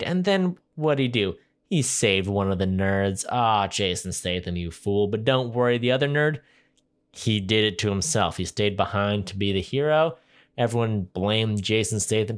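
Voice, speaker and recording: A man's voice: lowish voice, sing-song, normal speed. A young man co-hosting a podcast, reviewing a movie in a rambling, sarcastic, casual chat. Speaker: podcast co-host.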